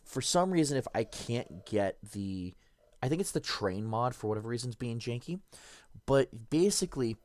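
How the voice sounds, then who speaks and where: A man's voice: medium pitch, a little mellow, dry recording. A man streaming a game, casually thinking aloud and correcting himself as he reads and works things out. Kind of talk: casual gameplay commentary.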